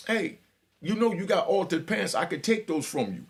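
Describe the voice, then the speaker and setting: A man's voice: sits high, lively intonation, normal speed, pitched above the performer's own voice. A man voicing a blunt, bossy woman prison officer in his story. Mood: stern.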